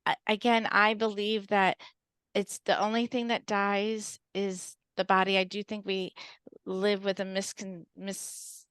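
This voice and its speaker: Woman co-host, medium; earnest, halting delivery with a smooth voice, recorded dry. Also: mid-range voice, little pitch movement, fairly bright tone, dry recording. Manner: earnest, restarts her phrases. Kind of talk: casual podcast chat.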